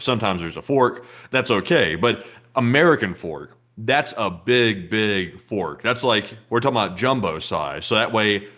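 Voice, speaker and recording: Guy with a lowish voice, deadpan jokes, casual chat.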